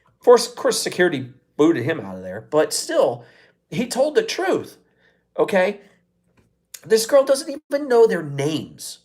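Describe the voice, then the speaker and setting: A man hosting a live show talks in a casual, profane rant. His pitch swings widely as he gets worked up, with an exasperated, incredulous edge. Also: huge pitch swings, unhurried, a little mellow. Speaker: show host.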